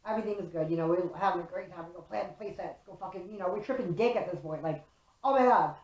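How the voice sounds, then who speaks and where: Young chicago woman doing a storytime vlog, kinda low voice, swears a lot, echoey room. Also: fast talker. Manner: profane, animated storytelling. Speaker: vlogger. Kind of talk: casual storytime. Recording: roomy echo.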